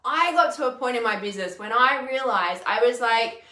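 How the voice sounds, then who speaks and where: Woman, 30s, casual livestream talk, blunt, laughs a lot, fairly high pitch, roomy echo. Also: animated, moderate pace, few pauses, bright, forceful tone. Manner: candid, laughs often, swears casually. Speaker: intuitive healer and mentor, livestream host. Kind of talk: casual livestream chat reading comments.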